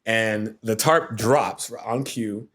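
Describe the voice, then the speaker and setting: A man's voice: lowish voice, extremely slow, a bit bright. A TV producer on a podcast as a guest, telling a story animatedly, acting out the quotes and laughing as he goes.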